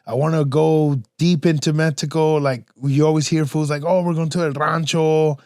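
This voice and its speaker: A young man tells stories in a casual podcast chat, slang-heavy and animated, acting out the voices he quotes. His voice sits a bit high for a man. The sound is close and dry, with no room around it. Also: normal speed, no echo. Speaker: podcast host.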